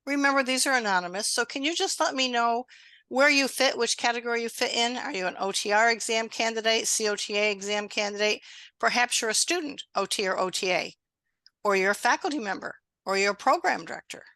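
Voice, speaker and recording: Bright, upbeat woman hosting a webinar. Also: on the high side, fairly quick, dry recording. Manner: warm, encouraging, conversational. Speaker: webinar host and exam prep instructor. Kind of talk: live online webinar. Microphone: video call.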